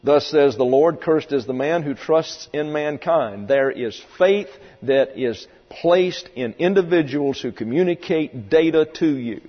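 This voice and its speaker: A man's voice: fairly high pitch, a little slow, hardly any pauses. Emphatic male preacher in a reverberant hall. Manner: emphatic, acts out voices in quotes. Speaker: pastor. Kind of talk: expository sermon. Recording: reverberant hall, dull lo-fi sound, mains hum.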